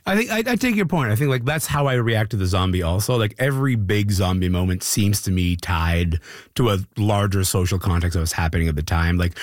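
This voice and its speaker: Deep-voiced male host, lively and dry. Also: fairly quick, no echo. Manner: conversational, enthusiastic, casual phrasing. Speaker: interview host. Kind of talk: interview questions.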